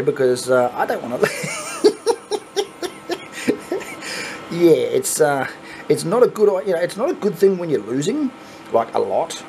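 An Australian man hosting a coin pusher channel, chatting casually and swearing when excited as he plays. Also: medium pitch, gravelly, slight background noise. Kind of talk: casual commentary while playing. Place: arcade coin pusher machine.

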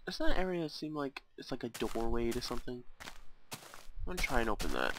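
A man's voice: medium pitch, big pitch swings, normal speed, noisy background. A man giving casual gameplay commentary at his home computer, thinking aloud and talking to himself as he plays. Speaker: let's play gamer.

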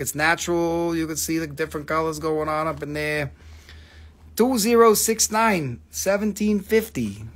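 A man hosting a live-stream crystal sale, who jokes around and swears a lot in quick patter. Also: a little high, fairly bright tone. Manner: profane, joking, quick patter. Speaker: host selling crystals. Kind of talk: live-stream sales chat.

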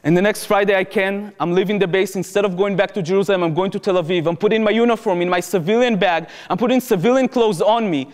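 A man's voice: high voice, quick pace, hardly any pauses, darkish tone. Israeli man telling a story in a hall. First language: Hebrew. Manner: vivid first-person storytelling in present tense, acting out voices. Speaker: speaker at a public talk. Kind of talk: storytelling talk. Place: lecture hall before an audience. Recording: reverberant hall.

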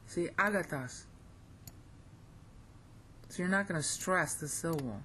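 A woman's voice: low voice, normal speed, long pauses, a bit bright, a little hiss or hum. An American woman giving a casual lesson, reading Greek phrases aloud, thinking aloud and correcting herself as she goes. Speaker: Greek language teacher.

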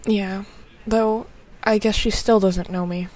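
Woman voicing a young man, earnest, soft-spoken, pleading, lowered pitch. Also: steady tone, slow pace. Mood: subdued. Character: young adult son, earnest and hurt.

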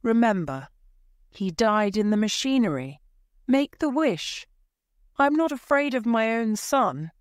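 A woman's voice: medium pitch, sing-song, measured pace, dry recording, studio quality, voice pushed up. A woman reading the part of a grieving older mother in a storybook, urgent and insistent. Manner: urgent, pleading.

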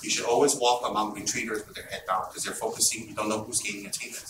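A man giving an informal Buddhist teaching, telling stories in an animated, blunt and teasing way. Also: fairly low pitch, fast. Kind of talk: informal dharma talk. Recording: roomy, distant mic, background noise.

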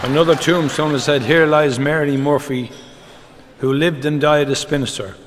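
Irish guy doing stand-up, quick he-says-she-says jokes, noisy echoey venue. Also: a little high, steady tone. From Ireland. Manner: brisk storyteller, rattles off quoted exchanges with repeated "he says". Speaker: comedian. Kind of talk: live stand-up joke telling. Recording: reverberant venue with background noise.

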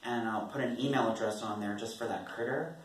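A poet speaks in a medium-pitched, steady voice, a little fast, telling an audience at a performance venue about his writing. He's rambling and wry, laughing often, and the recording is echoey and distant.

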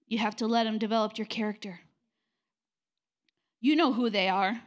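Woman pastor, middle-aged, high voice, blunt confrontational sermon delivery in a church. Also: steady tone, normal speed. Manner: direct, confrontational preaching with mocking quoted voices. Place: church sanctuary.

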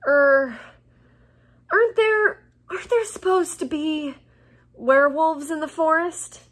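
A woman voicing a nervous teenage boy wizard whose voice jumps up in pitch when he is worried. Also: normal speed, a bit bright. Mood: nervous, loud. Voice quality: anxious, raised voice.

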